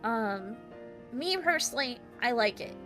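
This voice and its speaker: A woman's voice: fairly high pitch, expressive, measured pace, fairly bright tone, faint music behind. A woman guest in a casual chat about a video game, giggly and hesitant, with many fillers.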